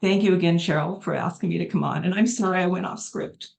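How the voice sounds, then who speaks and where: A woman's voice: on the low side, fast talker, creaky, a little mellow. A middle-aged woman giving an emotional, earnest testimonial on a video call, speaking from the heart and rambling a little.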